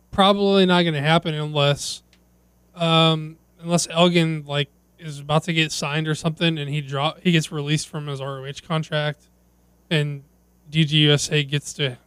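A man's voice: a little high, fairly even intonation, normal speed, fairly bright tone, clean tone, dry recording. A man co-hosting a casual podcast chat, joking and teasing his co-hosts. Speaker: podcast co-host.

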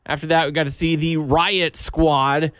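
A man's voice: on the high side, level tone, measured pace, a bit bright, clear, resonant tone, no echo, clean studio sound. A man from Texas co-hosting a casual podcast, joking and rambling about wrestling and games. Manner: joking, does exaggerated Southern voices. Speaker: podcast co-host.

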